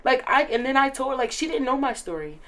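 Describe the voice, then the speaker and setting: A woman's voice: high-pitched, very animated, fast, fairly bright tone. An eighteen-year-old woman, a recent graduate, talking earnestly and emotionally as an interview guest, with many filler "likes". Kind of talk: casual interview chat.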